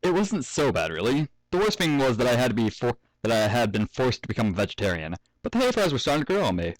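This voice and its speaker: Reading fanfic aloud at home, this young man keeps breaking off to crack jokes, curse and laugh. His medium-pitched voice swoops wildly as he talks fast, with no room sound and poor audio quality.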